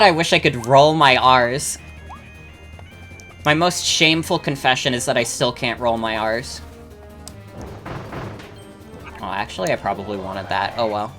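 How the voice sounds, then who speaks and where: Faint game music sits beneath a young adult streamer's bright, forward, medium-pitched voice. Speaking at a measured pace and pausing often, they ramble loosely with fillers and free swearing while gaming and responding to chat.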